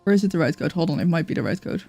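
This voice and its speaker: A woman's voice: low voice, lively intonation, racing, vocal fry, dark tone, husky. A woman streaming a game, chatting casually with viewers by name and cooing at her cat from her computer chair. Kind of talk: casual live-stream chat.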